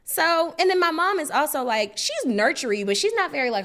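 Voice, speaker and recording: A woman's voice: high-pitched, a little fast, hardly any pauses. A woman co-hosting a podcast, telling a story in casual chat and acting out the voices of the people in it. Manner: animated, acts out voices in the story. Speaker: podcast co-host.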